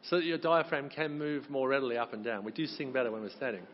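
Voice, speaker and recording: Encouraging Welsh choir leader in a hall. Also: male voice, medium pitch, steady tone, fast talker, soft background music. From Wales. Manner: chatty, encouraging, jokey. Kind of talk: leading a group sing-along. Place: large hall at a conference. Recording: echoey hall, dull sound.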